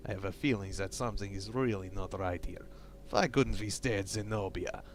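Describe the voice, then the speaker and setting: A man's voice: fairly low pitch, lightly acted. A man voicing a sarcastic, fed-up male space crewman in a mock Russian accent, hammed up. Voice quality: hammy exaggerated accent.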